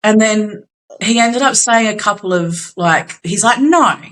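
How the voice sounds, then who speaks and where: A woman's voice: medium pitch, a little slow, fairly bright tone, low-quality recording. A young Australian woman co-hosting a podcast, telling a gig story in casual chat, acting out quotes and swearing casually. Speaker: podcast co-host.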